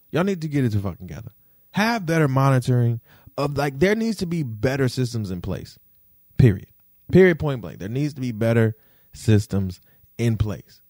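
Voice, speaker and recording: A young man venting to the camera in a vlog, indignant and profane, repeating himself and swinging between low grumbles and sharp high outbursts. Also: dry recording, clean studio sound. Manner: indignant, profane, repetitive rant with big pitch swings.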